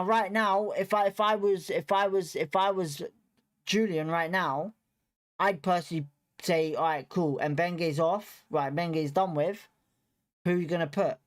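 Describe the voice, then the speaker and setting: Hosting a fan watchalong stream, a young man with a high voice rants heatedly after a match, swearing constantly and circling back on the same points in blunt, frustrated bursts. He keeps telling himself to calm down, then flares up again.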